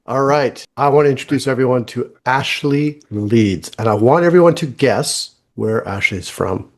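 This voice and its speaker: A man's voice: medium pitch, normal speed. Enthusiastic middle-aged male podcast host. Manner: enthusiastic, emphatic. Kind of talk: podcast host intro and interview.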